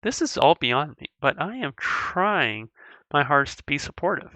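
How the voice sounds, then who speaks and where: A woman voicing a goofy, caring dad in video game dialogue read aloud, earnest and a little fumbling with gentle jokes. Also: sits low, big pitch swings, moderate pace, dry recording, heavily acted.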